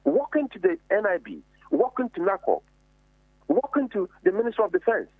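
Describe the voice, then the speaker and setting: Emphatic man, lively high voice. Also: moderate pace, dry recording. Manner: emphatic, indignant, rhetorical questions. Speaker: member of parliament on a committee. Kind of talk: heated political commentary. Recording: tinny phone-like dry line.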